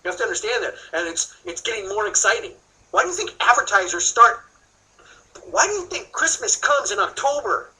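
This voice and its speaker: Guy teaching a sales seminar, high bright voice, asks then answers his own questions. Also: big pitch swings, fairly quick, rough recording. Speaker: sales trainer. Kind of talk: seminar training talk.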